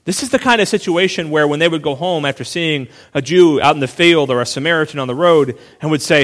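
A male pastor preaching a sermon in a relaxed, conversational way, full of asides and quick restarts. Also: on the high side, long reverb tail.

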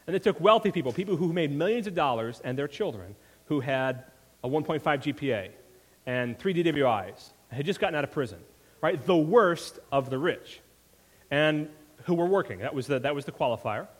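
In a slightly high, slightly rough voice with lively intonation, a pastor delivers a sermon at a moderate pace. He keeps it conversational with frequent "right?" asides to his listeners, recorded amid the long reverb of a large hall.

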